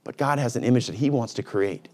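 A male pastor preaching a sermon in a lively, conversational way, dropping to a quiet low voice at reflective moments. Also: quick pace. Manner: energetic, conversational preaching with sudden pitch swings.

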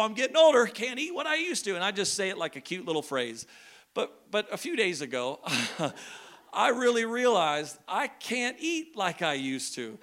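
Bright-voiced high male pastor preaching. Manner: conversational, joking with the congregation. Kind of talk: sermon. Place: church hall.

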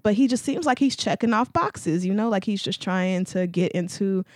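Co-host, woman, lively laughing recapper, dry close sound. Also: medium pitch, moderate pace, dry recording. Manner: animated, laughing, acts out quotes. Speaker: podcast co-host. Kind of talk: casual recap chat.

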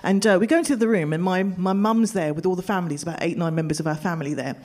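A woman telling a true story of her own to a live audience, animated and exasperated by turns, often laughing and acting out her family's voices. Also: on the low side, quick pace. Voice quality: expressive, swings into loud exasperated outbursts.

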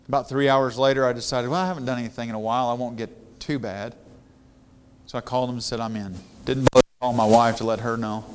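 A middle-aged man, a guest pastor, telling his own story in a conversational sermon and growing louder and more fervent as he preaches. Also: mid-range voice, slight background noise.

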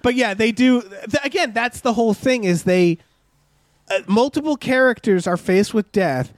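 Man, high voice, podcast co-host, casual movie review, exasperated, sweary, dry close mic. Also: no echo. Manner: exasperated, sweary, talks in fast bursts with restarts.

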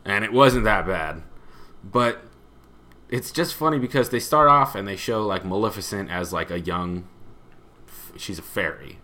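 A man's voice: fairly low pitch, measured pace, pauses often, sharp tone, a little hiss or hum. A young man co-hosting a casual comedy podcast, spinning a story and laughing often as he acts out other people's lines. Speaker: podcast co-host.

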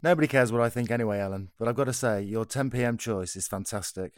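A man's voice: medium pitch, fast talker. A man co-hosting a casual chat in a breezy manner. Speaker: co-host.

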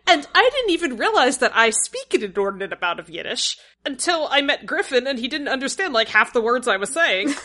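Rambling, excitable young woman. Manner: enthusiastic, rambling, quick laughs, pitch jumps when quoting. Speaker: podcast co-host. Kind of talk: casual chat.

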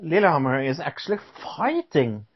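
A man's voice: on the high side, very animated, normal speed, husky. A man from Norway hosting a casual podcast, joking around in a playful, hesitant way. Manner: playful, putting on a joke British persona. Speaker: podcast host. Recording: dull lo-fi sound.

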